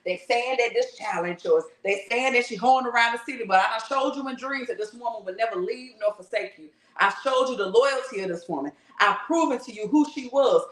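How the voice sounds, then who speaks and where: A woman's voice: a little high, brisk, few pauses. A woman giving a fervent, slangy spiritual workshop talk, blunt and not shy about swearing. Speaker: spiritual teacher. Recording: roomy echo.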